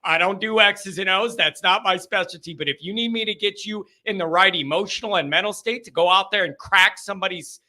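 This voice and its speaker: Male call-in host, high bright voice, hyped and riffing. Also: brisk, hardly any pauses. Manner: hyped, loud, riffing storyteller. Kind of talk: excited live call-in chat.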